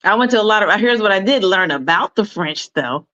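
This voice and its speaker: This Arizona woman, a guest on a talk show, swaps anecdotes over a video call in a chatty interview, voicing the people she quotes. She sounds medium-pitched, animated and slightly fast, her tone pushed and bright, the audio dry with clipped highs.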